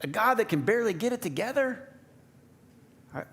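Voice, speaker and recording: Playful pastor preaching. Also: male voice, sits high, big pitch swings, a little fast, a bit bright. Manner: conversational, playful, asks the congregation questions. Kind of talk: sermon. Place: church sanctuary.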